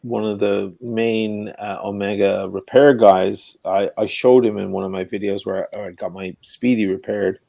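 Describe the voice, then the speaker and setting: An Irish man talks loosely and animatedly, tearing into a story with blunt swearing and quick swings of emphasis. His voice sits at an ordinary pitch. The sound is dry and close, with no room around it. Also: creaky, no echo. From Ireland. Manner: animated, profane ranting storyteller. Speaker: guest. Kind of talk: casual chat. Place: home in Venice.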